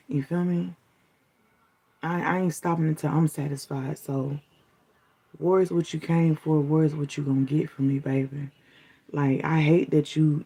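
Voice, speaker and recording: Gravelly, husky voice issuing spiritual threats. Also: medium pitch, mellow. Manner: taunting, defiant, repeats "you feel me?". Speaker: spiritual content creator. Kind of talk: direct-to-camera warning rant.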